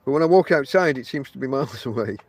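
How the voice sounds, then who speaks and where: Fast and animated, with a medium pitch, this Northern English podcast host from Barnsley rambles casually from a tent outdoors. He talks directly to his listeners in a chatty way, heavy on fillers.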